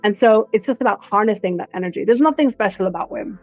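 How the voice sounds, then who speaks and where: A woman breathwork instructor speaking as a guest in a casual interview, telling stories in an animated way and acting out quotes. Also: mid-range voice, fast talker, soft background music. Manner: animated storyteller who acts out quotes. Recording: dull lo-fi dry recording.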